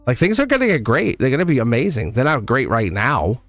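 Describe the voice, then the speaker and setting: A man giving a live tarot reading, animated, laughing often and talking straight to his viewers. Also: mid-range voice, a little fast, no room sound, soft background music. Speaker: tarot reader.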